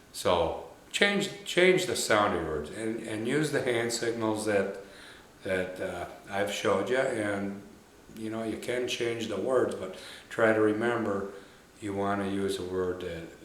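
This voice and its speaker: A man who trains dogs, talking through a demonstration in a folksy way, repeating himself and saying "you know" often, with soft murmurs to the dog. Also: deep voice. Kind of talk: casual hands-on demonstration. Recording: echoey room with faint ambient noise.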